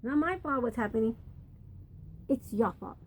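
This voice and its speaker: A woman's voice: a little high, animated, normal speed, darkish tone, a little hiss or hum, natural voice. A woman doing a blunt scolding God. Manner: blunt, scolding, matter-of-fact. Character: stern male God scolding his people.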